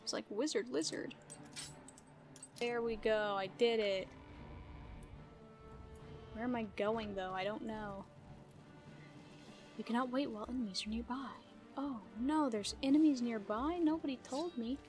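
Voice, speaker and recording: A woman giving casual gameplay commentary, playful and easily startled, laughing often and yelling at enemies. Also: on the high side, unhurried, long pauses, soft background music. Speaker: gaming video creator.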